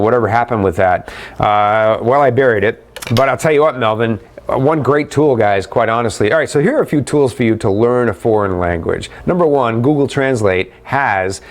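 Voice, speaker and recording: Chatty upbeat man hosting a webcast. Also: medium pitch. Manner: upbeat, chatty, calls viewers guys and brother. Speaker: webcast host answering viewer questions. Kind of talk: live webcast Q&A.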